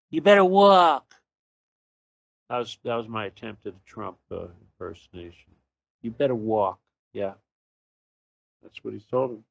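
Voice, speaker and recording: A man's voice: mid-range voice, fairly bright tone, dry recording. A man hosting his own show, delivering a blunt, profane and sarcastic solo political rant. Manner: sarcastic, mocking. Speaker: show host.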